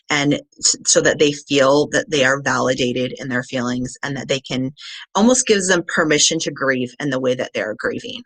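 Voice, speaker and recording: A woman with a bright, clear voice walks trainees through her method in an earnest, patient way. She talks casually and pauses often with small fillers. The sound is dry and close, with no room around it. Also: sits low, dry recording. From Southern Nevada. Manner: earnest, explains step by step with many ums. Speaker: crisis support trainer. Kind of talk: live-streamed training presentation.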